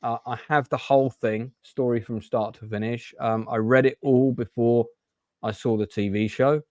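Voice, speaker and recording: A man's voice: mid-range voice, fairly even intonation, normal speed, warm tone, dry recording. Male host, casual rambling talker, dry close sound. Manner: rambling, hesitant, with many restarts. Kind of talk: casual chat.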